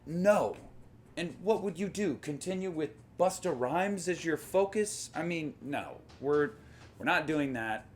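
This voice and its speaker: A man's voice: fairly high pitch, measured pace, faint music behind. Emphatic man giving film opinions. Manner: emphatic, animated, jokey asides. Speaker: horror film commentator. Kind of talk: opinionated casual monologue.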